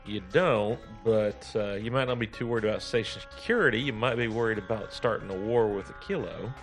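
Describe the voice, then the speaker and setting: A man's voice: fairly low pitch, brisk, faint music behind. A man playing a tabletop game, with dry, sardonic remarks. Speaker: player. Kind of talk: tabletop role-play.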